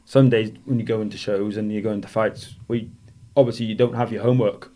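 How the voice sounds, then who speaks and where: This man speaks fast, with a mellow, steady tone sitting on the low side. He's a former boxer from Wales, guesting on a podcast and laughing through loose, rambling anecdotes told casually in interview.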